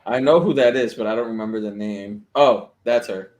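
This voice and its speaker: A man in casual podcast chat, telling stories in an animated, profane way. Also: fairly low pitch, normal speed, dull audio.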